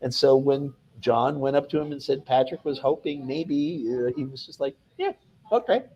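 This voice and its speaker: A male film director recounting his stories as an interview guest, voice at a middle pitch. He tells them animatedly and slips into the voices of the people he quotes. He restarts his sentences often as the story tumbles out. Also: level tone, moderate pace, warm tone, highs cut off.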